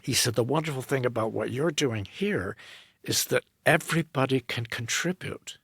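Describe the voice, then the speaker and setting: A man with a low, gravelly and somewhat husky voice tells a story in a podcast interview. He animates the anecdote by voicing both people in the conversation. The recording is dry, with no room sound. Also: normal speed, no echo. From United States. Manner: animated anecdote, acting out both sides of a dialogue. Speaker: guest, opera director and tenor.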